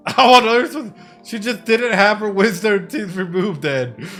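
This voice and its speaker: A man playing a video game on stream, reacting loudly and swearing with excitement. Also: sits high, slow, soft background music. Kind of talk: let's play commentary.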